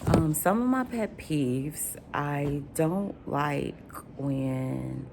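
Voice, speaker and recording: A woman's voice: sits low, very slow, gravelly, heavy background noise. A woman vlogger in casual chat, answering questions, chatty and rambling with frequent ums.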